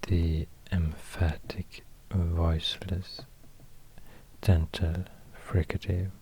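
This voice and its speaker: A man with a Swedish accent rambling quietly in soft-spoken ASMR, half-whispering and pausing often. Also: deep voice, level tone, slight background noise. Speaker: ASMR creator.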